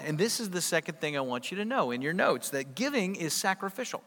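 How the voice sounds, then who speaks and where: A male pastor preaching a sermon with emphatic delivery and rhetorical questions, swinging between loud and soft. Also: a little high, animated, brisk, few pauses, in a large hall.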